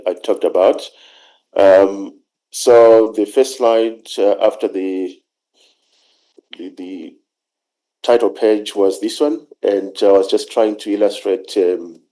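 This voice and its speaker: A man with a fairly low, mellow voice gives an academic conference presentation over a video call. He talks in a measured, halting way, often pausing on fillers as he walks through his points. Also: poor audio. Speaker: conference speaker.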